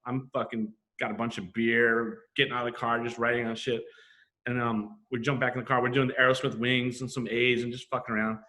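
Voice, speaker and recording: A middle-aged man, a graffiti artist guest on a podcast, talks a little fast in a mid-range voice. He is animated, telling stories in casual, profane chat, swearing casually and acting out quoted exchanges.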